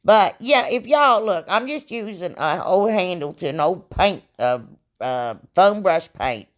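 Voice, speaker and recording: A woman with a somewhat low voice narrates her craft project in a chatty, rambling way. She sounds a little hoarse, as if she is losing her voice. Her voiceover is relaxed and self-deprecating, full of asides to her viewers. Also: unhurried. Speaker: craft channel host.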